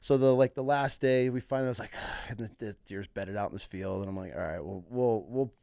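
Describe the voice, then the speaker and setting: A young man, a hunting guide, telling stories in casual podcast chat, acting out clients in higher voices and laughing as he goes. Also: brisk, clear, resonant tone, no echo, studio quality. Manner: animated, acts out clients in higher voices, laughs mid-story.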